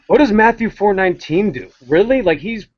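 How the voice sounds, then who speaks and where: A man's voice: high-pitched, lively intonation, fairly quick, no echo. Ranting man with a dull lo-fi sound. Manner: ranting, blunt and heated. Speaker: co-host. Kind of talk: casual opinionated chat.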